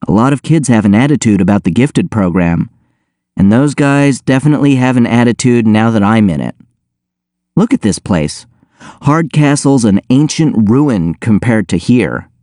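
A man's voice: mid-range voice, mellow, no room sound, studio quality. A man doing a laid-back gifted schoolboy.

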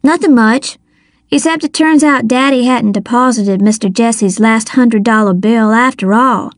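A woman's voice: on the high side, a little slow, no echo, studio quality, close to an everyday voice. A woman reading aloud, voicing an easygoing young boy who speaks in a plain, offhand way. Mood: casual.

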